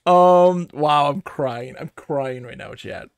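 A man's voice: a little high, takes it slowly, clear, resonant tone, no room sound. A man streaming games live, chatting casually to his viewers in a giggly, rambling way.

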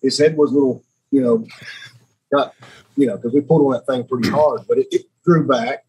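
An earnest man in his thirties from Alabama tells a personal story as a podcast guest, circling back and repeating himself as he goes. His voice is deeply husky and breathy, pitched in an ordinary middle range. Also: fairly even intonation, a little fast, warm tone, low-quality recording. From Alabama, United States. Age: 30s.

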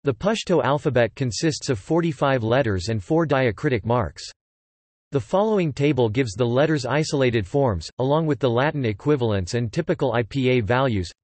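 A man's text-to-speech voice reading an encyclopedia article in an even, mechanical way. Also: mid-range voice, normal speed, dry recording. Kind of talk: synthetic encyclopedia narration.

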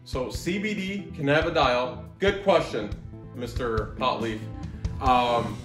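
A man's voice: medium pitch, takes it slowly, music in the background. A man hosting a comic educational podcast, explaining in a joking, swearing, rambling way. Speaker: podcast host, pharmacy doctor. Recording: roomy echo.

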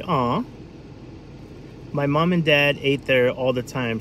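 This is a casual live-stream chat from a talkative food vlogger from New England who rambles and leans on fillers. A little hiss or hum runs under his mid-range voice.

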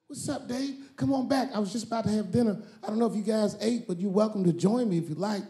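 A man doing a chirpy, high, welcoming little host. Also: fast talker, mellow. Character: eager, polite small male host. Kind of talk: stand-up storytelling.

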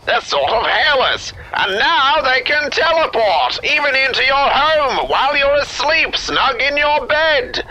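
A piercing, high old-timey newsreel announcer booms out an ominous mock trailer, put on by a man. His pitch swings widely as he hams up the theatrical delivery. A faint hiss sits under the voice. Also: lively intonation, unhurried, hardly any pauses, sharp tone, exaggerated voice, low-quality recording. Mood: dramatic, ominous.

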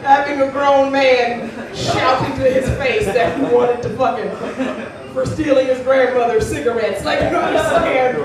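A woman's voice: high voice, normal speed, crowd noise. A woman performing a stand-up comedy set, telling a crude story in a brash way and slipping into acted-out voices. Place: comedy club stage with audience laughing. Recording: echoey distant live club recording.

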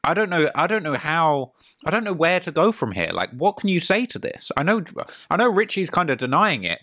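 A man giving a casual reaction commentary while eating dinner, excitable and rambling, often stammering and restarting. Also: fairly high pitch, a little fast, dry recording, studio quality. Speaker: reaction video host.

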